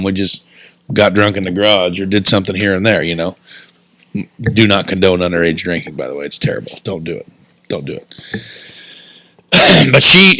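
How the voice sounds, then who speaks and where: A young man with a Southern Indiana accent tells a story on a podcast in loose casual chat. His voice is gravelly and bright, recorded dry and close on the mic. He swears freely and acts out the other people in his story. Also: low-pitched, dry recording. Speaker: podcast co-host.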